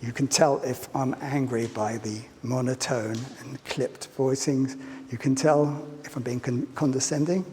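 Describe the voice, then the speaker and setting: A man gives a public lecture in a middle-pitched voice and keeps drawing the audience in with playful questions. His voice carries a long hall reverb, and faint ambience sits underneath it. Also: steady tone, measured pace, few pauses, darkish tone, slight background noise.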